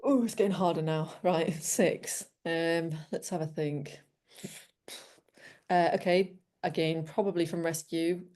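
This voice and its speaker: A woman's voice: on the low side, measured pace, mellow. A woman speaking as a dog trainer guest in a casual interview, bubbly and laughing often, acting out her dogs.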